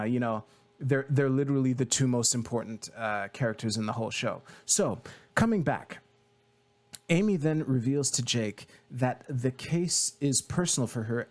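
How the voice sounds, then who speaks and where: Young man riffing on a TV show, rambling commentary, average pitch, loose delivery with fillers and casual swearing. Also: darkish tone. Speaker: video creator.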